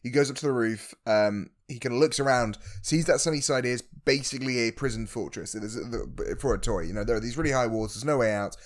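A man co-hosting a podcast, recapping a film with wry, deadpan jokes about its themes. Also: medium pitch, a little fast, hardly any pauses. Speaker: podcast co-host. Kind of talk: casual film recap chat.

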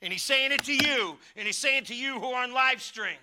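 A man's voice: extremely high pitch, fairly quick, noisy background. A pastor preaching a sermon in a church, folksy and emphatic, building in fervor as he teaches. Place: church sanctuary.

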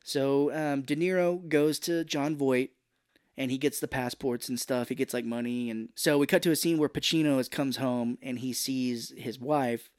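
A man's voice: medium pitch, steady tone, moderate pace, dry recording, studio quality. A man co-hosting a podcast, casually retelling movie scenes and acting out the characters' lines with cursing. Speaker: podcast co-host. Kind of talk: casual movie recap chat.

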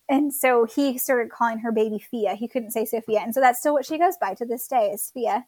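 A woman's voice: a little high, a little fast, few pauses, a little mellow, no room sound. A woman in her thirties from Florida casually telling her birth story as a guest, chatty with many fillers.

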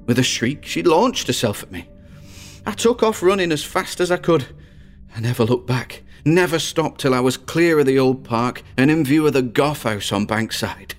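A man's voice: mid-range voice, pitched above the performer's own voice, close to an everyday voice. A man playing a boastful teenage boy who tells a ghost story and builds suspense.

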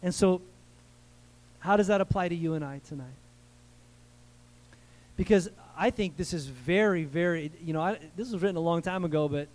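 Male American pastor, light high voice, casual preaching style with audience call-and-response. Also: a little mellow, rough recording. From United States. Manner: conversational preaching, asks the crowd for amens. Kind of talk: sermon.

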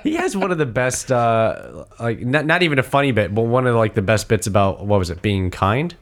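A man's voice: mid-range voice, fairly quick. A man chatting casually with friends, telling stories and acting out quotes. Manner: animated storyteller, acts out quotes. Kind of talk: casual chat.

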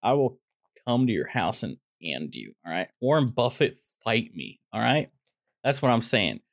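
A man co-hosts a movie podcast, talking at a middling pitch. He rambles and jokes, slipping into mock rants and silly asides. The sound is dry and close, with no room echo. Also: sing-song, moderate pace, creaky. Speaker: podcast co-host reviewing a movie. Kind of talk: casual comedic review chat.

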